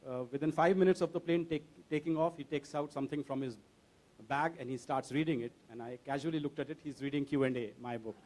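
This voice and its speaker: A man's voice: fairly high pitch, fast talker. A man, a diplomat and author on a book fair panel, telling dry, humorous anecdotes. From India. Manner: dry, deadpan storyteller.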